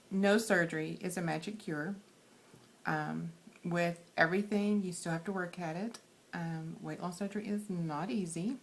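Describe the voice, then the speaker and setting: A quiet, shy woman with a Texan accent giving earnest advice in a casual vlog, with many ums. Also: deep voice, vocal fry, slight background noise. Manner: soft-spoken, many fillers, earnest. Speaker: weight loss surgery vlogger.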